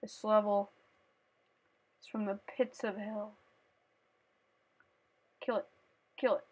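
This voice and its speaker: A woman playing a platform game on camera, chatting playfully and breaking into shrieks and yells as she plays. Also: mid-range voice, flat delivery, slow, husky. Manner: playful, talks to the game and her cat. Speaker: gaming channel host. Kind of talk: let's play commentary.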